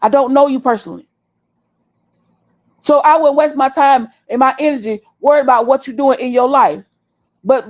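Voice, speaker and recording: A woman's voice: sits high, a little mellow. A woman over thirty-five, host of a livestream, scolding her viewers bluntly and with a lot of cursing. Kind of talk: heated livestream rant. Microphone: desktop stream mic.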